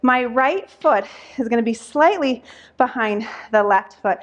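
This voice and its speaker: A woman's voice: fairly high pitch, animated, measured pace, dull audio. A young adult woman instructor talking through a Pilates workout while doing it, out of breath, counting reps with sighs between them.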